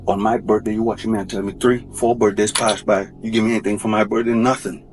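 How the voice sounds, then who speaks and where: A man's voice: fairly low pitch, flat delivery, fast, over music. A man talking about his divorce in a rambling, colloquial, insistent way. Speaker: husband in a divorce dispute. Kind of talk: casual rambling talk.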